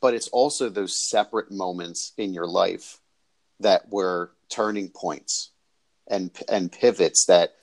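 A man with a low voice hosts a casual interview at a slow pace. He talks earnestly and effusively, restarting his sentences many times.

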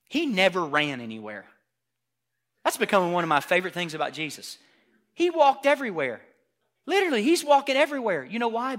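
A man preaching a sermon as pastor before a congregation, shifting from hushed, intimate asides to loud, emphatic preaching. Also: on the high side. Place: church hall before a congregation.

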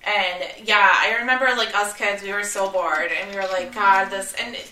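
A woman's voice: mid-range voice, steady tone, moderate pace, pushed and bright, slight background noise. A woman co-hosting a casual chat about movies, talking in a chatty way full of "like" fillers. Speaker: podcast co-host. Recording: echoey room.

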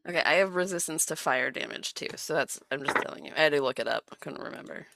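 A woman playing a tabletop game, animated and quick to laugh. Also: low-pitched, gravelly, dry recording. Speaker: player.

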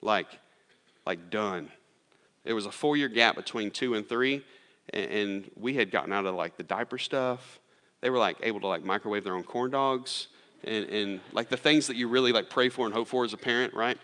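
A pastor delivers a sermon in a loose, chatty storytelling manner, full of fillers and restarts. His voice has a bright, forceful edge. It rings out with a long reverb, as in a large sanctuary. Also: fairly low pitch, moderate pace. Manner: casual, storytelling with lots of fillers. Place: church sanctuary.

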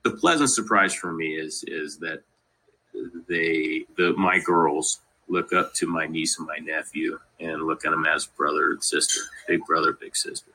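A man's voice: a bass voice, fairly even intonation, a little slow, sharp tone, slightly rough, low-quality recording. A man from Colorado, a podcast guest, telling family stories in a casual, rambling way and leaning on "you know" constantly. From Colorado, USA. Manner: laughs through funny family stories. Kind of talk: casual interview storytelling.

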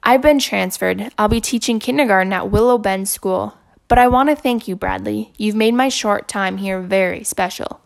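A woman voicing a gentle, patient female school counselor who speaks softly and reassuringly. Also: medium pitch, moderate pace, gravelly, close to an everyday voice. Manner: soft, reassuring.

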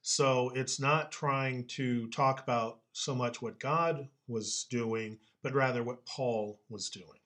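A man explaining scripture in a casual Bible-study chat, patient and explanatory, quick to laugh. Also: mid-range voice, fairly even intonation, fairly bright tone.

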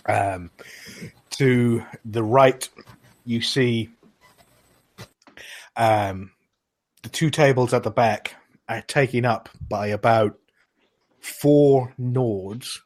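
Slow, hesitant man narrating a game. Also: medium pitch, a little mellow. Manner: hesitant, many fillers. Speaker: game master.

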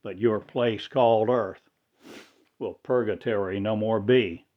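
A man delivering a rambling spiritual monologue in halting, oddly inverted phrasing. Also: fairly low pitch, steady tone, highs cut off.

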